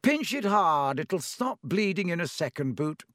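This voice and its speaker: A man's voice: a little high, very animated, measured pace, dry recording, clean studio sound, pitched above the performer's own voice. Gilderoy Lockhart, a man doing a vain wizard. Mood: fussy showy. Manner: bright, fussy and theatrical. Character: vain, flustered showy male wizard teacher.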